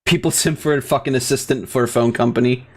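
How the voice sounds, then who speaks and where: A man's voice: mid-range voice, fairly even intonation, quick pace, slightly rough, faint music behind. A man doing gameplay commentary in a crude, sarcastic, profane rant. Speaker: let's play host.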